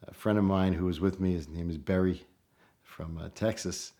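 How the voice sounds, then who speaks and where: Middle-aged New Yorker, casual storyteller, slightly low voice, lively when quoting others. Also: male voice, moderate pace. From New York. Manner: animated, acts out quoted voices with rising pitch. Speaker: storyteller guest.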